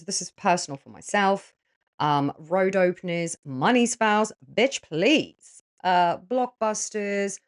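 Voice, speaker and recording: Woman, lowish voice, blunt and frank, casual to-camera chat, swears freely, chatty with lots of tag questions. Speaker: spiritual practitioner offering spell consultations.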